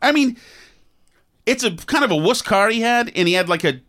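Animated man telling a story. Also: high voice, moderate pace. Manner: animated, acting out quotes, self-deprecating. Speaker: podcast host. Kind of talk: casual storytelling.

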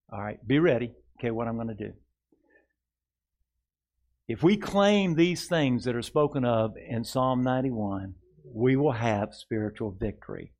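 A male pastor preaching a sermon, reading scripture aloud and leading the congregation in slow repeated declarations. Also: medium pitch, vocal fry, a little mellow. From rural upbringing. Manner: leads the congregation in slow call-and-response declarations; reads scripture aloud, then asks "Amen?" and "All right?".

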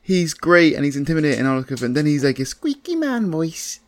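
A man's voice: a little high, rapid-fire, dry recording. A man co-hosting a casual film chat, rambling and restarting his thoughts as he goes. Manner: rambling, lots of fillers and restarts. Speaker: podcast co-host. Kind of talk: casual chat about films.

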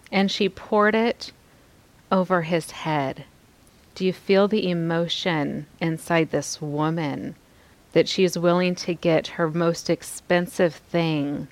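A woman gives a devotional Bible teaching at an unhurried, lingering pace. Her voice sits a little low, and she often asks her listeners questions. The sound is dry and close, with no room echo. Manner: drops to soft, quiet tones on key lines.

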